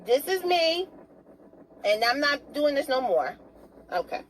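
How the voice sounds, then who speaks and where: A woman's voice: high voice, big pitch swings, measured pace, slight background noise, rough recording. A woman giving a motivational talk to camera as a self-help vlogger. She speaks earnestly and coaxingly, asks viewers direct questions and greets some of them by name.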